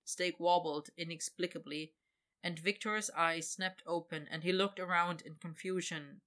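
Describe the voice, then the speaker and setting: A woman reading a fantasy story aloud as narrator, expressive and lively. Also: on the low side, normal speed. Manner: expressive, voices characters.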